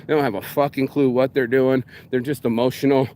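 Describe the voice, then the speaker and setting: A man's voice: mid-range voice, level tone, fairly quick, dark tone. A man vlogging outdoors in a park, ranting bluntly and profanely in a casual monologue.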